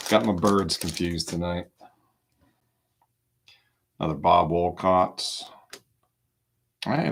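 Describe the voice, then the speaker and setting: A man hosting a live trading card break, calling out each card in a relaxed, casual way with small asides. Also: sits low, vocal fry.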